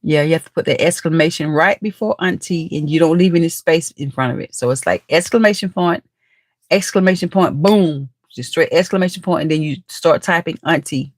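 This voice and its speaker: A livestream host with a deep voice talks a little fast in a recording with no echo. She chats casually with viewers, reading their comments, teasing, laughing often, and calling them "nephew" and "baby."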